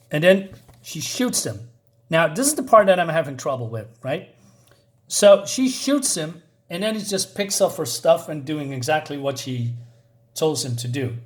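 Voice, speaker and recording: A man's voice: fairly high pitch, sing-song, moderate pace. A man reviewing a comic book in a chatty, casual way, with many fillers and asides.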